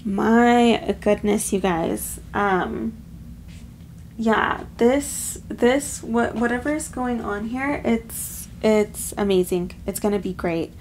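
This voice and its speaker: A woman's voice: mid-range voice, slow, a little mellow, slight background noise. A woman giving a heartfelt tarot card reading, slightly choked up with emotion and calling her viewers her loves. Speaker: tarot reader.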